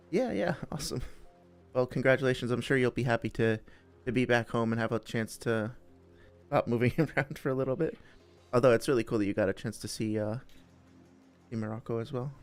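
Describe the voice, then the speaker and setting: A man's voice: medium pitch, clear, resonant tone. A young man hosting a live stream, chatting casually with viewers in a friendly, rambling way, full of fillers and restarts. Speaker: streamer host.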